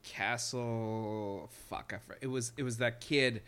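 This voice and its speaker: A man's voice: mid-range voice, steady tone, slow, a bit bright, smooth. A man talking casually on a podcast, rambling with restarts and casual swearing. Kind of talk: casual chat.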